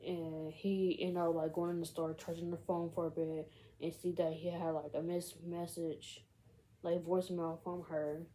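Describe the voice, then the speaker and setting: Rambling woman with a dark, mellow voice. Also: fairly low pitch, flat delivery, moderate pace, slight background noise, poor audio. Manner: rambling, full of "like" and "you know". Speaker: film recap vlogger. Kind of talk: casual plot retelling.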